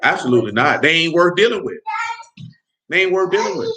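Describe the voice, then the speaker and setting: A man's voice: sits high, expressive, fairly quick, bright, forceful tone. A man hosting a podcast, giving heated, blunt and profane casual commentary and often asking if listeners follow him. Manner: blunt, heated, profane, keeps asking "you know what I'm saying". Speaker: podcast host.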